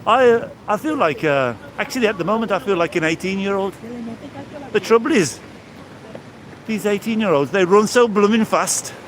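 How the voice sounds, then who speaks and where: A man's voice: high voice, expressive, normal speed, a bit bright, slight background noise. A man in his sixties from England, live-streaming as he walks along a seaside promenade, chatting and greeting his viewers by name. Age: 60s. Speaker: vlogger live-streaming a walk. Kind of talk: casual chat to live viewers. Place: outdoors on a seaside promenade, walking.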